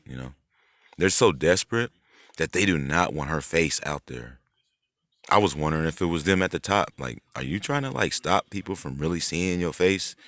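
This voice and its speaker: A man's voice: extremely low pitch, a bit bright, dry recording. A man hosting his own vlog, talking in a loose, rambling monologue full of swearing, fillers and restarts. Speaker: channel host.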